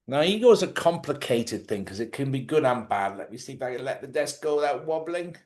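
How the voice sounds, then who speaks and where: A man's voice: mid-range voice, big pitch swings, fairly quick, darkish tone. A blunt man with an everyday mid-range voice, talking straight to his audience about letting go of the past. He speaks plainly and forthrightly and does not hold back a curse word. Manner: blunt, forthright, swears freely. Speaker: host. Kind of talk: live advice talk. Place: lives in Spain.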